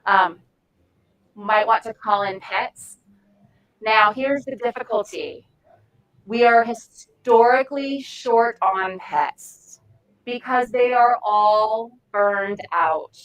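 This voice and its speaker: A woman leading an informal volunteer training session, talking frankly with lively asides. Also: a little high, takes it slowly, dull audio. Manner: frank, animated, chatty with asides and laughs.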